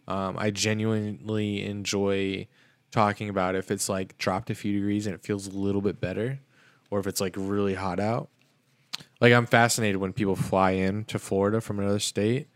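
A low-pitched man with a gravelly edge co-hosts a podcast. He rambles on and keeps saying "like" in a loose, casual way. The sound is dry and close to the mic. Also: flat delivery, moderate pace, no room sound. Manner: rambling, chatty, hedges with "like". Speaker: podcast co-host.

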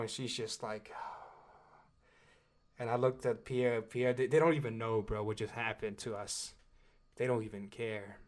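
A man in casual podcast banter, with a voice at an ordinary pitch for a man. He teases the others and swears freely, hurrying the talk along. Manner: teasing, profane.

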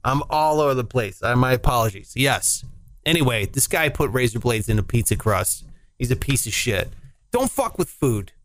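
A man in casual podcast chat, rambling and animated, swearing freely and slipping into voices of people he quotes. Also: mid-range voice, normal speed. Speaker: podcast co-host.

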